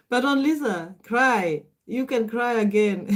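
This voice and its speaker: Hosting a casual livestream, a middle-aged Kenyan woman whose first language is Swahili chats, laughs frequently and answers viewer comments aloud. Her voice is fairly high-pitched.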